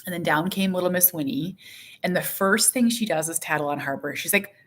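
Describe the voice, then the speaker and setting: Chatty woman with a lowish voice. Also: brisk, a bit bright. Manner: chatty and rambling, with many fillers, self-deprecating asides and acted quotes. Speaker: vlogger and mother. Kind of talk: casual personal vlog chat.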